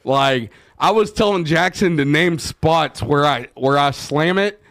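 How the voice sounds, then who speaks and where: A man, chatting casually on a podcast. He tells profane stories and acts out the quotes loudly. The sound is dry and close. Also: a little high, a little slow, dry recording. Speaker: podcast host. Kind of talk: casual chat.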